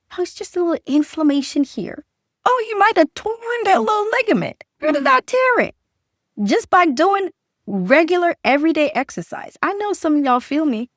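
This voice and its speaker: A woman's voice: a little high, no echo, clean studio sound. A middle-aged woman doctor giving a conversational health talk straight to camera. She fires rhetorical questions and repeats her key points for emphasis.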